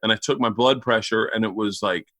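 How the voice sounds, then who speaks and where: A man's voice: fairly low pitch, fairly quick, no room sound. A man on a remote call, telling a casual story full of swearing and acted-out quotes. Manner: profane, animated, acts out loud quotes. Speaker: guest.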